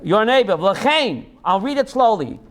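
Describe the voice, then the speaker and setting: A man's voice: high-pitched, sing-song, measured pace, a bit bright. A man, a rabbi teaching a class, who reads Hebrew text aloud, translates it, and quizzes his students by name.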